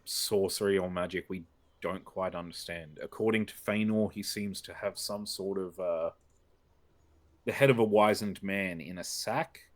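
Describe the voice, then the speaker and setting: A man playing an earnest, polite adventurer in a tabletop game, talking hesitantly with many ums and uhs. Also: fairly low pitch. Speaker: player. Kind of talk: in-character tabletop role-play.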